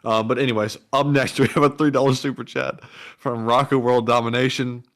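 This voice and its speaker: A man's voice: mid-range voice, level tone, fairly quick, fairly bright tone. Easygoing Southern man reading super chats. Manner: easygoing, wry, reads viewer messages. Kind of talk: casual livestream chat.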